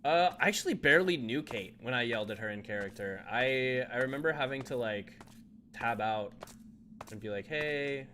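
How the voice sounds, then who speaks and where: A man's voice: medium pitch, lively intonation, a little fast, sharp tone, slight background noise. A young man, chatting casually with his viewers while playing a game on a live stream, laughing often and answering chat.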